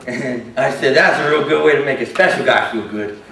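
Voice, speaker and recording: An actor playing a shy, self-doubting young man with a disability, telling his story haltingly and earnestly in a stage monologue. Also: medium pitch, fairly bright tone, a little hiss or hum, lightly acted. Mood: frustrated. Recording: roomy hall from a distance.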